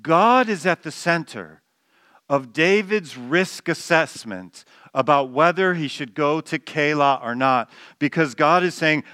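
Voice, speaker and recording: A man's voice: on the high side, lively intonation, slow, pushed and bright, clear, resonant tone, dry recording, studio quality. A man preaching a sermon, explaining a text with emphatic stress on key words and some restarts. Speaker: pastor.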